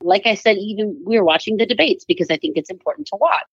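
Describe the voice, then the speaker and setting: A woman in her thirties, an author and guest, talking in an animated, chatty way with lots of fillers. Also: mid-range voice, fast, husky, no echo, muffled recording. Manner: animated, chatty, many "like"s and playful put-on voices. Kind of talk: casual interview chat.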